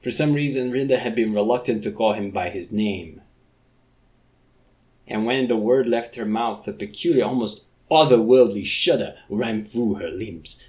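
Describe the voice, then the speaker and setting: A man with a fairly low voice reads a novel aloud in a casual, unpolished way. He keeps stopping to crack jokes and swear about the story, sometimes laughing. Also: normal speed, darkish tone. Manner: joking asides, sweary, laughs often. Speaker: reader. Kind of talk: casual book reading with commentary.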